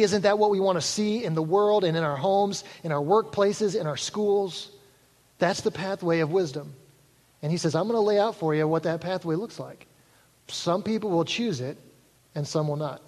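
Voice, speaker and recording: A man preaching a sermon in a high, light voice. He talks conversationally and draws the congregation in with jokes. His voice carries a long reverb from a large church hall. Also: darkish tone. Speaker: pastor.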